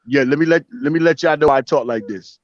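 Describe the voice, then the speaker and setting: A man calling into a casual chat show, talking fast and animated. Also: fairly high pitch, dry recording. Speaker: caller. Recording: dull lo-fi phone call.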